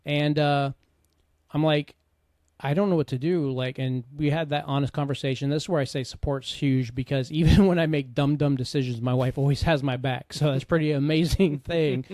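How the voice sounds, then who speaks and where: A middle-aged man with a fairly high voice shares his life story in an earnest, conversational way, dropping in frequent asides. He speaks as a podcast host and coach. The sound is dry and close, with no room around it. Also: steady tone, moderate pace, a little mellow, no echo. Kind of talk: candid personal storytelling.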